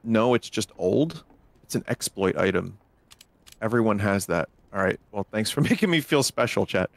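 A man's voice: fairly low pitch, normal speed, vocal fry, no echo. Man streaming, chatting to his viewers. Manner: talks to his chat, excitable bursts. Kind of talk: casual live-stream chat.

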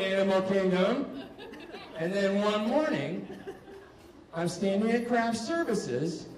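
A man performing a stand-up comedy set, self-mocking, acting out both sides of his stories with rising exasperation. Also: high-pitched. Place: comedy stage before a live audience. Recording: roomy live stage sound from far off, crowd noise. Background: audience laughter.

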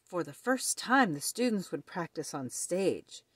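Slow, expressive woman storyteller. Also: fairly low pitch, breathy edge, no room sound, studio quality. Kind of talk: children's read-aloud.

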